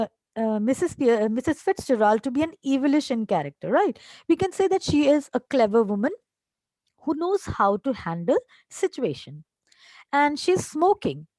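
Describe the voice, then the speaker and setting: An English teacher goes through a play line by line for her class, reading each line aloud and then explaining it, sometimes slipping into Hindi. Her voice sits high with a darkish tone and no echo, and she uses fillers and tag questions.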